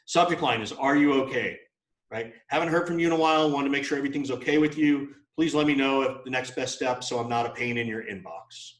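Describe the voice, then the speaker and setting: A man's voice: mid-range voice, quick pace, echoey room, low-quality recording. A man giving a live sales training, talking bluntly and casually with plenty of fillers. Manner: blunt and conversational, with many fillers. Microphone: video call.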